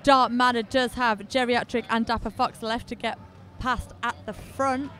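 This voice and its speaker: A woman's voice: fairly high pitch, steady tone, moderate pace, fairly bright tone, faint music behind. A woman commenting live on a roller derby game, chatty, giggly and self-mocking. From England.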